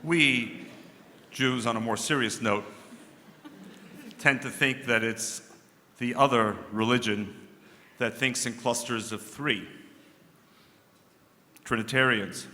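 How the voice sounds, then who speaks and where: A man's voice: mid-range voice, pushed and bright. Man telling a joke in an echoey hall. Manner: dry storyteller, measured delivery. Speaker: guest speaker at a religious service. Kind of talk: formal speech opening with a joke. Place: synagogue sanctuary. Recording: echoey large hall with long reverb.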